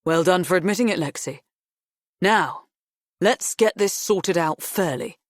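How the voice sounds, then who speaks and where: A woman plays a sneering, self-satisfied man. She drops lower and slows down to mock. The recording is close and dry. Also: dry recording, natural voice. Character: sneering smug middle-aged man.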